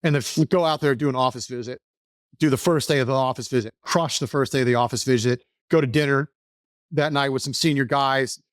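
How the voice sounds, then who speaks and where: A man's voice: mid-range voice, a little fast, no echo, clean studio sound. A man from Texas, a podcast guest, telling a personal story in an earnest, rambling way, often restarting sentences. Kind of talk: casual storytelling interview.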